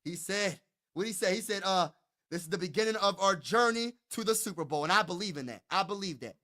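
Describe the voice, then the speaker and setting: A man's voice: high-pitched, expressive, fairly quick, pushed and bright. A man hosting a sports show, ranting as an emphatic, hyped fan, with stammering restarts and lots of repetition.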